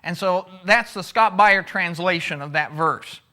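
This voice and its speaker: Guy teaching bible class, high bright voice, chatty, acts out the quotes. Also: a little slow. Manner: conversational, takes audience questions.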